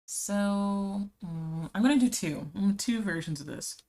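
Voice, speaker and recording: A woman's voice: mid-range voice, measured pace, darkish tone. A young woman streaming live as an illustrator, chatting casually and rambling through answers to chat messages while she draws. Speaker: art streamer.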